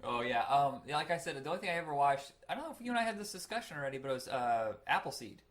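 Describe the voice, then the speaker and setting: A man's voice: on the high side, expressive, fairly bright tone. A man co-hosting a casual podcast, thinking aloud and correcting himself as he talks about old cartoons. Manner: quick-talking, musing aloud with self-corrections. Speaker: podcast co-host. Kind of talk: casual chat.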